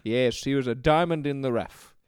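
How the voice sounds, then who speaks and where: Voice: medium pitch, normal speed, darkish tone, clear, resonant tone, dry recording, clean studio sound. Playful comedy podcast co-host. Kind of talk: improvised comedy radio bit.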